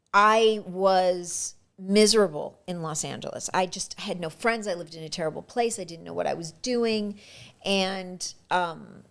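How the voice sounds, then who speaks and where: An actress telling lively stories about her auditions and career in a casual interview. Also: on the low side. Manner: lively anecdotal, frequent restarts. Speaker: actress guest.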